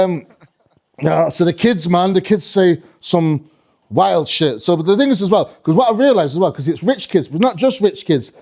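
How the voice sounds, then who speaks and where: A man's voice: sits high, vocal fry, a little mellow. Sweary, rambling male stand-up comedian. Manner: rambling, sweary, self-interrupting.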